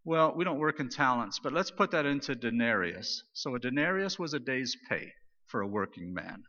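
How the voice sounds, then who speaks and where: A man preaching a sermon, retelling scripture in a casual, animated paraphrase. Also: medium pitch. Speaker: pastor. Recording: dull lo-fi sound with long hall reverb.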